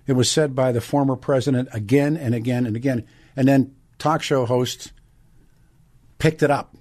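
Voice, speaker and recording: A man's voice: medium pitch, darkish tone. Blunt older male talk radio host. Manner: blunt, indignant, rhetorical questions. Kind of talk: talk radio monologue and ad read.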